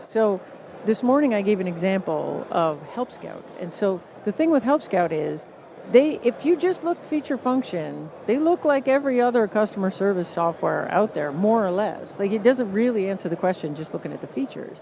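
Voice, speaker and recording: A woman with a Canadian accent, a guest on a live podcast at a conference stage, explaining with lively acted-out quotes. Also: medium pitch, normal speed, creaky, background noise. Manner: animated, acts out what others say. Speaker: guest author.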